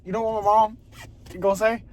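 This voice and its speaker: High-voiced young man telling an animated story. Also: fairly quick. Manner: animated, laughing often, drops to a hushed voice for suspense. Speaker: vlogger. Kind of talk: casual storytelling to camera. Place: parking lot at a gym at night.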